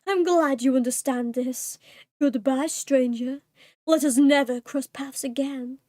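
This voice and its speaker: A woman's voice: high voice, dry recording, studio quality. A woman reading out a gloating cat demon villain. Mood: menacing. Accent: British. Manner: calm, measured, gloating villain monologue. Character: sinister male cat demon, cold and menacing. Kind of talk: reading game dialogue aloud.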